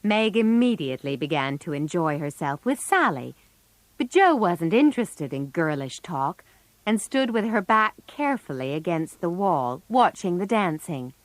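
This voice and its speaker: A woman narrating a story for English learners, slowly and with clear enunciation. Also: lowish voice, very animated, no room sound.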